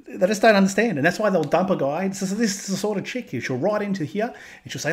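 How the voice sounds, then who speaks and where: A man's voice: sits high, animated, fast, darkish tone. A man with an Australian accent hosts a reaction video and delivers a crude, sarcastic, heated rant. He swears constantly and talks straight to his viewers. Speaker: commentary channel host.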